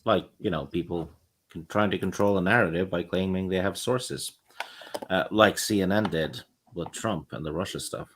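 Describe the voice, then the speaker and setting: Very low male voice, halting jokes, faint noise. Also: a bit bright. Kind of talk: casual chat.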